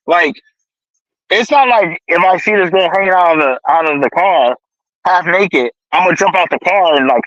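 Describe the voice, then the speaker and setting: A man in a casual chat with friends, lively and laughing as he acts out what others said. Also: high voice, dry recording, lo-fi sound. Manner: lively, laughing, acting out quotes.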